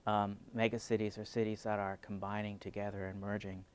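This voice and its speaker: A man, a city urban design planner, explaining ideas in a measured way with frequent fillers during a conference interview. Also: on the low side, little pitch movement, clean tone.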